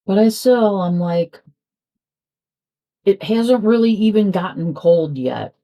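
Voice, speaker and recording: A woman's voice: mid-range voice, animated, takes it slowly, muffled recording. A woman chatting casually at home while she works on a craft, rambling and trailing off mid-sentence. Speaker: crafting vlogger. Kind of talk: casual chat while diamond painting.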